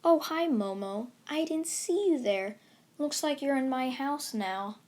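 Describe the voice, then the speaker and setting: A cheeky, upbeat teenage boy from an anime fan story, voiced by a woman reader. He teases casually, at a slow and easy pace. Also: high-pitched, lively intonation, a little mellow. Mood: teasing.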